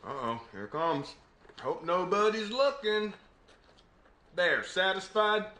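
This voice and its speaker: Actor doing a stammering Southern-drawl cashier, lively up-and-down delivery, bright tone, roomy echo. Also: male voice, high-pitched, takes it slowly, voice pushed up, full character voice. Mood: flustered. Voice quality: drawling, stammering, polite with ma'am. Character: flustered Southern male cashier, war veteran. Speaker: comic actor. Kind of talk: comedy sketch acting.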